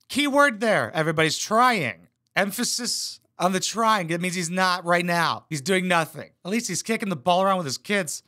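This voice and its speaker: A man's voice: high-pitched, animated, moderate pace, hardly any pauses, pushed and bright. A man hosting a reaction video, roasting clips with sarcastic, profane commentary. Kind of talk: mocking commentary over clips.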